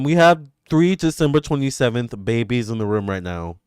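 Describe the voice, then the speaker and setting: Excitable man in his thirties, smooth clear voice, dry close sound, gushing livestream chat. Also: mid-range voice, dry recording. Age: 30s. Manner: excitable and gushing, quick swings between squeals and murmurs. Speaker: tarot reader hosting live readings. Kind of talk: casual livestream chat with viewers.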